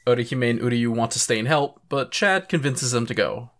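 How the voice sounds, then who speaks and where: A young adult co-host recaps an episode casually, with a middling, even voice. The delivery is relaxed and chatty. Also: mid-range voice, a little fast. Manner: laid-back recapping, laughs at own jokes. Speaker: podcast co-host summarizing episodes.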